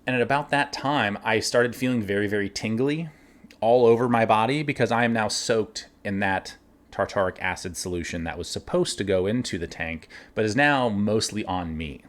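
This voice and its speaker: A man casually telling workplace stories, animated, laughing now and then and acting out the lines of others. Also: on the low side, normal speed. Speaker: winery cellar worker telling stories. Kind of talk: casual storytelling.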